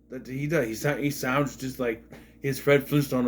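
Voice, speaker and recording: A man's voice: medium pitch, fairly even intonation, measured pace. A man giving a rambling, blunt and sarcastic casual movie review.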